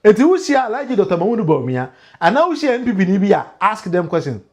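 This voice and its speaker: A Ghanaian man with a fairly high voice hosts a political livestream in a loose, animated style. He switches between Twi and pidgin English, and his pitch jumps up when he stresses a point. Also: fast talker. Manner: mixes Twi and pidgin English, laughs often, emphatic rises.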